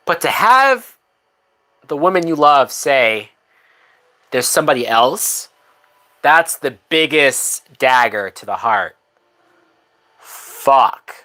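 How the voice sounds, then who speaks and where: A woman with a low-pitched, sharp-toned voice hosts a live movie watch-along. As a reaction host, she speaks bluntly, swears often, and laughs frequently.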